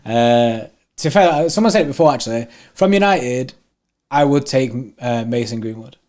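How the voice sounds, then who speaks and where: A man's voice: medium pitch, animated, normal speed, a little mellow. Chatty young man reading chat. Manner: chatty, reads out viewer comments, laughs easily. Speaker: watchalong co-host. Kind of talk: casual live-stream chat.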